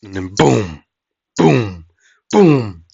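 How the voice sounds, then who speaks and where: A man's voice: fairly low pitch, big pitch swings, drawn-out words, vocal fry, mellow, husky. A man improvising a fan-fiction fight story, rambling with hesitations and mouthed sound effects. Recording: dull lo-fi audio.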